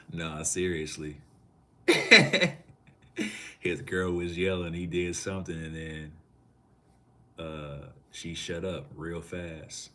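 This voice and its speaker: A man's voice: low voice, flat delivery, slow pace. A man from Minneapolis streaming live in a loose, slangy way, reading out and answering chat comments.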